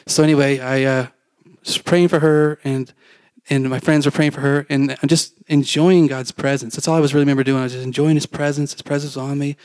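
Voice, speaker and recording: A man's voice: mid-range voice, a little mellow, dry recording. A man preaching a testimony, telling his story in a rambling, conversational way with fillers and acted-out quotes.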